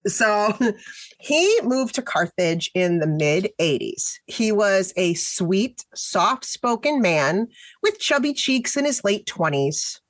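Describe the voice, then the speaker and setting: Animated woman co-hosting a podcast. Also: mid-range voice, takes it slowly. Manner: animated storyteller, laughs often. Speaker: podcast co-host. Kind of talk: casual true-crime chat.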